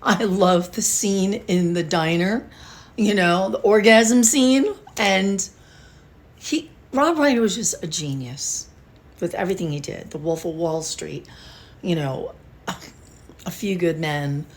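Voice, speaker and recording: Older lady vlogging, kinda low voice, talks real slow and rambly, gets emotional. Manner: emotional, rambling, with sighs and restarts. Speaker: beauty vlogger. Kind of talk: casual talk to camera.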